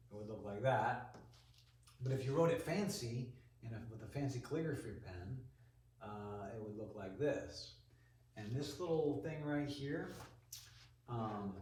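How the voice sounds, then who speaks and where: A man's voice: medium pitch, normal speed. Casual male teacher, mid-range voice, chatty with frequent fillers; distant mic, very echoey room. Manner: relaxed, chatty, many ums and restarts. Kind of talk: classroom lesson. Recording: roomy echo, voice from far off.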